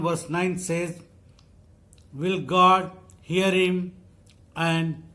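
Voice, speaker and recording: A man preaching a sermon, reading scripture and repeating phrases slowly for emphasis. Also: on the high side.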